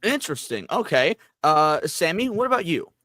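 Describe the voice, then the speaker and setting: A man's voice: a little high, very animated, moderate pace, bright, forceful tone, dry recording. A man hosting a casual livestream podcast, joking loosely and greeting chat viewers by name. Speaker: podcast host.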